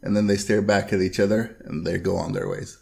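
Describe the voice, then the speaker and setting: A man's voice: low-pitched, fairly quick, gravelly, a little mellow. A man hosting a podcast interview, asking earnest fan questions with "uh" and "like" fillers. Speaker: podcast host.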